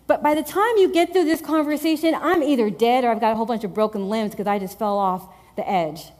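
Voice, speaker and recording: A woman delivers a sermon in a lively, emphatic and conversational way. Her voice sits a little high, and she drives home her points by repeating phrases. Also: brisk. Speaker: preacher.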